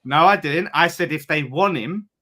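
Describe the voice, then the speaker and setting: Bright-voiced man, teasing banter. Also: a little high, moderate pace. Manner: teasing, blunt, swears freely. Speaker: podcast panelist. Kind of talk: casual banter.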